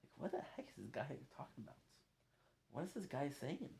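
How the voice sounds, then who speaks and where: A man's voice: mid-range voice, wildly swooping pitch, brisk, creaky, darkish tone. Playful, rambling male streamer. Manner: playful, rambling, laughs often. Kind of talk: casual chat while gaming.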